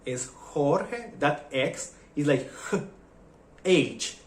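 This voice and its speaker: Unhurried and medium-pitched, this Mexican vlogger speaks Spanish with a Mexican accent in a reverberant space. His casual chat is animated, full of funny quoted exchanges he plays out.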